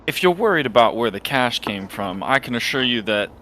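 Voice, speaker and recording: A man's voice: medium pitch, sing-song, brisk, sharp tone, slight background noise. A man voicing a young male gadget inventor who is earnest and bewildered, speaking in an eager, rambling way. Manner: eager, rambling in-character speech.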